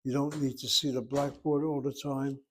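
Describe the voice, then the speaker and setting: A man teaching a Hebrew lesson, explaining slowly and carefully and sounding out words. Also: mid-range voice, flat delivery, slight background noise. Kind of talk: slow classroom lesson.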